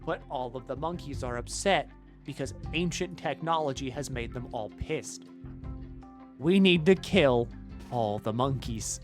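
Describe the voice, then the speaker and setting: A man's voice: medium pitch, lively intonation, a little slow, faint music behind. A man streaming a colony game live, chatting casually with his viewers, answering their questions and swearing freely. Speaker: gaming streamer.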